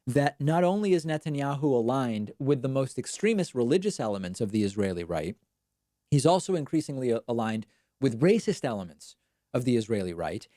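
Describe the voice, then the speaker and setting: A man hosts a live online show, moving between political commentary and viewer messages in a casual, quick, self-deprecating way. His voice sits in a middle register and is recorded close on a studio mic with a very dry, dead sound. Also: mid-range voice, very animated, mellow, no echo. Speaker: show host.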